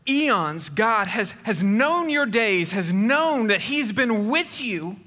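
A man's voice: high-pitched, bright, forceful tone. A middle-aged man pastor preaching a sermon in a church, speaking earnestly and conversationally with frequent restarts. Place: church sanctuary. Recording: reverberant church hall.

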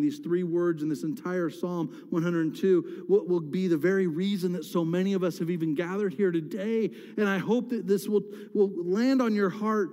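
A male pastor preaching a sermon, swinging between loud pleading cries and hushed whispers in a church. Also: high voice. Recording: reverberant hall.

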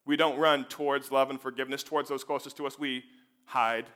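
A man preaching a sermon, emphatic and full of rhetorical questions, dropping to a hush and then building back up. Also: medium pitch, fairly even intonation, fairly quick, smooth.

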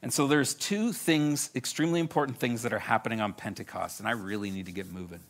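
A middle-aged man preaching a sermon, animated and storytelling, with self-deprecating humor. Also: mid-range voice, fast talker. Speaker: pastor.

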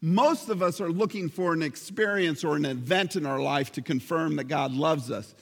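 A male pastor preaching a sermon with emphatic, slowly stressed phrases. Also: fairly high pitch, gravelly, big-room sound.

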